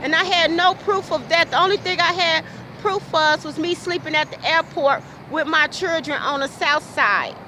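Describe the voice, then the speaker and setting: A woman's voice: very high-pitched, normal speed, pushed and bright, a little hiss or hum, poor audio. A woman recording an emotional personal monologue, talking with passion and repeating herself, asking question after question. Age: adult. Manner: impassioned, repetitive, rhetorical questions. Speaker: vlogger.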